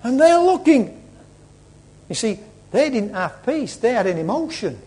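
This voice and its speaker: A male preacher retelling a story in a sermon, dramatic, swinging between loud and hushed. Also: very high voice, very animated, a little slow.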